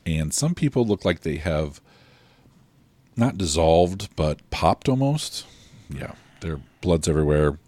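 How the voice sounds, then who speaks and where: A man narrating a tabletop role-playing game as game master, describing scenes in a relaxed, loose way with many fillers. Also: sits low, slow, dry recording.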